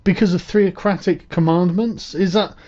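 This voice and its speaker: Brief: male commentator, sarcastic and mocking, warm mellow voice, dull lo-fi audio. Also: sits high, fairly even intonation, normal speed. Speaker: commentator reacting to clips. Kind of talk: profane reaction commentary.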